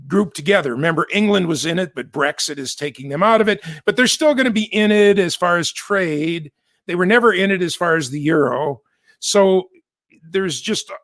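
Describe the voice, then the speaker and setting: A man's voice: fairly high pitch, a bit bright, no room sound. Chatty American man, dry close sound. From United States. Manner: chatty, digressive, self-correcting with asides. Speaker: host. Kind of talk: casual news commentary.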